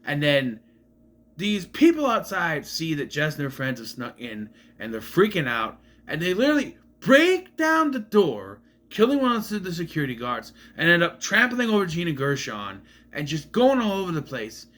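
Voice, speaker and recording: A man's voice: fairly high pitch, wildly swooping pitch, normal speed, fairly bright tone. A young man giving a casual, rambling movie review who often stops to correct himself. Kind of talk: casual film review vlog.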